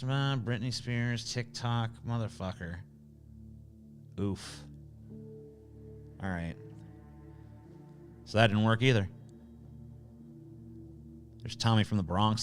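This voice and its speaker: A man with a lowish voice hosts a casual livestream and answers viewer questions one after another. He talks bluntly and sarcastically and swears often. Faint music plays behind him. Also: a bit bright. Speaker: livestream host reading chat.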